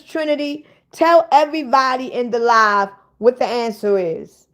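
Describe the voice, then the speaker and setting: A woman's voice: high voice, moderate pace, few pauses. A woman hosting a casual livestream, bluntly ranting and swearing at viewers in the chat. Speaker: livestream host.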